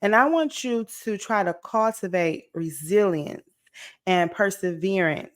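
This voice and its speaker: A woman about to turn forty, giving an energetic, encouraging motivational talk to her viewers, checking in often with "okay?" and "right?". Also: medium pitch, unhurried. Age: late 30s. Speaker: motivational vlogger. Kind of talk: casual motivational talk to camera.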